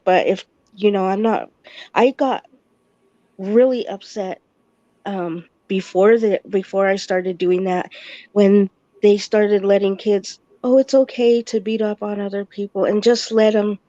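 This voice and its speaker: A woman speaking very slowly in a mellow, warm voice, pausing and restarting often. The recording sounds dry and a little dull. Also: mid-range voice, no room sound. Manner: slow, halting, with many fillers. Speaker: parent in conversation. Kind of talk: casual chat.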